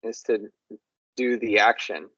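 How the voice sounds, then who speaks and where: A man's voice: on the low side, fairly even intonation, takes it slowly, fairly bright tone. A man co-hosting a casual language discussion, musing and repeating words aloud to try them out. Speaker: co-host. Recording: dull lo-fi dry recording.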